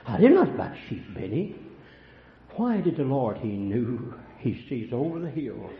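An older man preaching a sermon, telling folksy stories and swinging between hushed and loud lines. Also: medium pitch, very animated, unhurried. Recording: echoey room, dull lo-fi sound.

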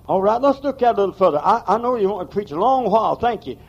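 A man's voice: sits high, lively intonation, fast talker, muffled recording. A man preaching a sermon in a church, emphatic and folksy, with plain rural grammar. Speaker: pastor.

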